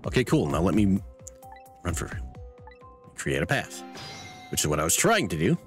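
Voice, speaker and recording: Un homme qui commente en direct un jeu narratif, avec des apartés moqueurs et bavards. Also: male voice, deep voice, very animated, moderate pace, soft background music. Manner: wry, chatty asides. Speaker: streamer playing a story game. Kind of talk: casual let's-play narration.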